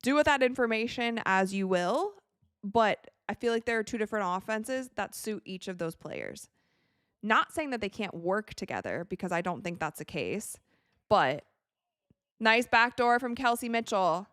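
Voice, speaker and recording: A woman's voice: medium pitch, very animated, moderate pace, fairly bright tone, dry recording, clean studio sound. A woman hosting a casual live-stream watch party from her home set, chatting, reading out viewer comments and laughing often.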